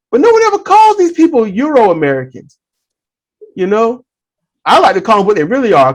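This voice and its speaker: This is a podcast host with a lively, swooping voice that rises and falls a lot. They talk emphatically and often restart or repeat phrases. The pitch sits in a middle range, and the delivery is casual and conversational. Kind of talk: casual discussion.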